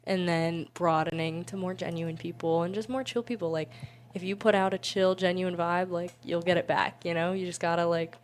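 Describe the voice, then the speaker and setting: A woman's voice: lowish voice, little pitch movement, normal speed, a little hiss or hum. A woman in her twenties, an interview guest and student, chatting casually in a bubbly, giggly way with many "like"s. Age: 20s.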